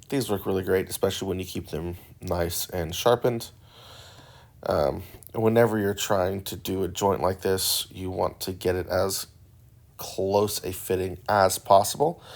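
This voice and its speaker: A man narrating a woodworking build in a relaxed, rambling voice-over, joking and poking fun at himself. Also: deep voice. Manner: joking and self-deprecating; relaxed and rambling with filler words. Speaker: woodworking channel host.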